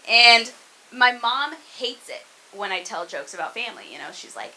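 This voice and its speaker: A woman's voice: a little high, lively intonation, moderate pace, sharp tone, a little hiss or hum, low-quality recording. A young woman from the American South doing a conversational stand-up set in a comedy club, poking fun at herself and checking in with the crowd. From Arkansas, US South. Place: comedy club room with live audience.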